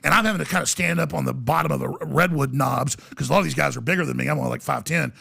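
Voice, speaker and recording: A man who is a podcast guest, telling a long story in an animated, rambling way. He restarts often and acts out the voices of other people. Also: on the high side, very fast, vocal fry, husky.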